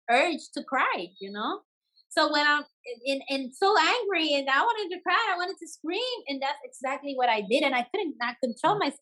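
A woman's voice: high voice, fairly bright tone, poor audio. Woman telling her story. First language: Spanish. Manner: switches into Spanish words, frequent restarts, laughs while telling. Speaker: bomba dancer, interview guest. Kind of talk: casual personal storytelling.

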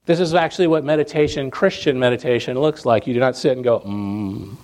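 A man's voice: medium pitch, quick pace, background noise. A man preaching a sermon to his congregation in an earnest, emphatic way, stacking phrases in lists and repeating them for weight. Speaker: pastor.

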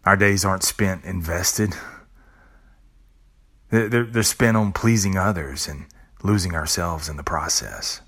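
A man's voice: deep voice, measured pace, long pauses, fairly bright tone, breathy edge. A middle-aged man hosting a podcast, speaking an earnest, reflective monologue with casual swearing and restarts. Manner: earnest, with blunt casual swearing and repeated words. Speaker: podcast host.

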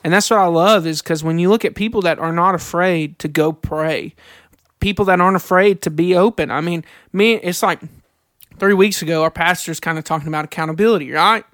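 A high-pitched man talks earnestly on a faith podcast, sharing candid stories and slowing down to read scripture aloud. The sound is close and dry, with no room around it. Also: a bit bright, dry recording. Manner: earnest, reads scripture slowly, confessional storytelling. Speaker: podcast co-host.

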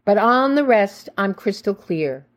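A woman's voice: mid-range voice, expressive. Woman reading a reflective memoir. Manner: reflective, measured storytelling. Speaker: memoir narrator. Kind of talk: first-person memoir reading.

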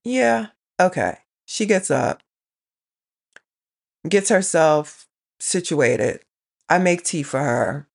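A woman's voice: sits low, expressive, slow, vocal fry, long pauses, slightly rough. A middle-aged woman telling a rambling everyday story in a casual vlog, often quoting herself. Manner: chatty, rambling, quotes herself and her daughter. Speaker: vlogger.

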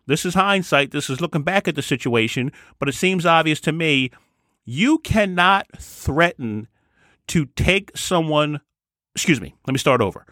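A man's voice: fairly high pitch, bright, forceful tone, no echo, clean studio sound. A man giving an opinion commentary monologue as a vlogger, talking emphatically and repeating his key points.

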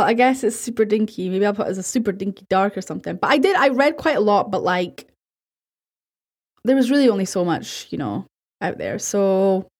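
A woman with a somewhat high-pitched voice hosts a spooky story podcast. She reads creepy accounts aloud, then drifts into loose, rambling, self-deprecating chatter with her listeners. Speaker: podcast host. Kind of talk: horror story retelling and casual sign-off.

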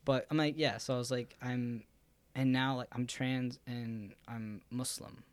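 This young man's clean, medium-pitched voice comes through a dry recording at a slightly slow pace. He's easygoing on a casual podcast, rambling along and using plenty of fillers.

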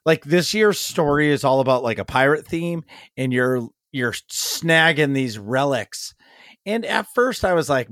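A man's voice: on the high side, lively intonation, measured pace, fairly bright tone, no room sound, clean studio sound. Rambling, enthusiastic podcast host, a man. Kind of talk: casual chat.

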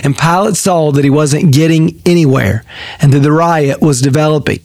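A man's slightly higher voice sets the tone of a pastor's daily devotional. He reads and teaches with earnest emphasis, and the sound is dry with no room ring around it. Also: moderate pace, a little mellow, dry recording.

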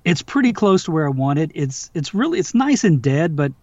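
Audiobook narrator, male, relaxed and chatty, slightly high voice, very dry, dull recording. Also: fairly quick, no room sound. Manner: relaxed, chatty, restarts often. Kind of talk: casual interview chat. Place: home backyard studio.

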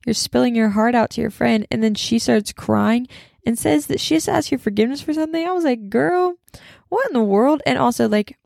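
A woman's voice: a little high, brisk, gravelly, no room sound, studio quality. A young woman, talking casually about faith and telling a personal story, full of fillers and chatty asides. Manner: chatty, lots of fillers, describes herself as loud. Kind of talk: casual Christian testimony talk.

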